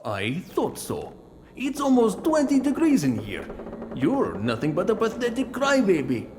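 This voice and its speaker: An actor playing a surly Russian prison guard in a video game, talking in a blunt, dismissive way. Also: male voice, sits high, huge pitch swings, a little slow, a little mellow, a little hiss or hum, heavily acted. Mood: gruff, dismissive.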